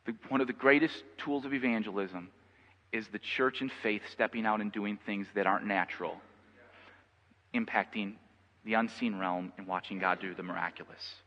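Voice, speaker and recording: Male pastor, sermon, bright edgy voice, long hall reverb, dull lo-fi sound. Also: on the low side, steady tone, moderate pace. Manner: conversational, builds to loud passionate peaks, repeats himself.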